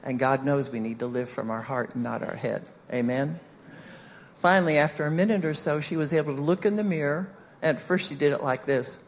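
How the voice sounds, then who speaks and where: A woman's voice: deep voice, brisk, a little hiss or hum. A woman speaking in church, telling a story in a sermon and acting out the quotes playfully.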